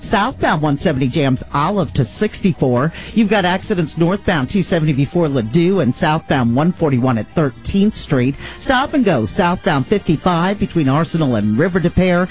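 Lively male radio traffic reporter. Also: on the high side. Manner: brisk reporter's delivery. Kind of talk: scripted traffic report and ad read. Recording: dull lo-fi radio broadcast, music bed.

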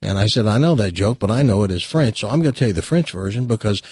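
A chatty talk show host, a man with a husky, dry-sounding voice. His pitch swings around lively as he rattles off facts and drops wry asides. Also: fast, no echo. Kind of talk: casual chat and joke telling.

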